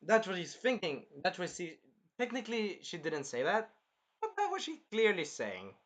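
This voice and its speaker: A man hosting a casual anime review, rambling and animated, swearing freely as he recaps an episode. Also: sits high, normal speed. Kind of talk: casual chat.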